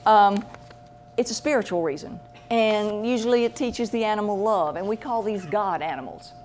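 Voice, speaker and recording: Woman, animal medium, casual anecdotal talk, lively and chatty, mid-range voice. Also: medium pitch, normal speed, a little hiss or hum. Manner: chatty, animated, acts out voices in her stories.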